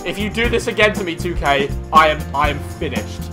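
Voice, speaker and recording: A man giving hyped gameplay commentary, shouting and swearing at the game. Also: fairly high pitch, expressive, fairly quick. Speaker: gamer. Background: game music.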